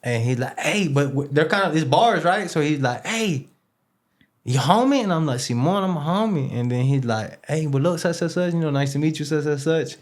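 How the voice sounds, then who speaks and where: A man's voice: fairly high pitch, a little fast, hardly any pauses. A man telling a casual story as an interview guest, in loose street slang with Spanish words mixed in, rambling and repeating himself.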